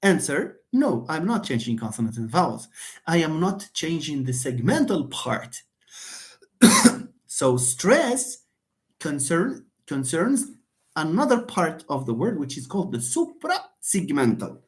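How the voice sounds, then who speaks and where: This man lectures unhurriedly on phonetics in a live online session, his voice lively in pitch. As a linguistics lecturer, he repeats points, answers his own questions, and treats viewers as friends, greeting each by name.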